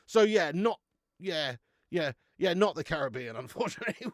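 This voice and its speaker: A man's voice: high-pitched, very animated, normal speed, no room sound, clean studio sound. A man hosting a live beer-review stream, chatting casually, laughing often and calling his viewers mate.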